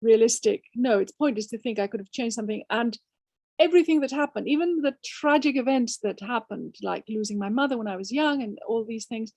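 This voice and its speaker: A woman's voice: a little high, a little fast, darkish tone, dry recording. An older woman author from Spain, answering audience questions emphatically with rhetorical questions and frequent restarts. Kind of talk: conversational Q&A.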